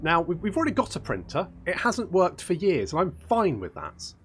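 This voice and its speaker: A man's voice: high-pitched, huge pitch swings, moderate pace, a bit bright, slight background noise. Sweary man ranting over a game. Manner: ranting, sweary, exasperated, self-mocking. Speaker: gaming YouTuber. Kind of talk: casual gameplay commentary. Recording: faint game music behind.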